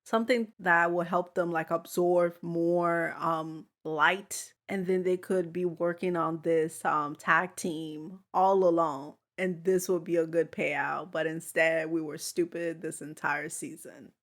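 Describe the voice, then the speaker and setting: A woman's voice: on the low side, fairly even intonation, slow, few pauses, a bit bright. A woman hosting a reaction video, talking bluntly and with exasperation, scolding the characters, gasping and laughing as she watches. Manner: gasps and laughs freely. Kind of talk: casual reaction commentary.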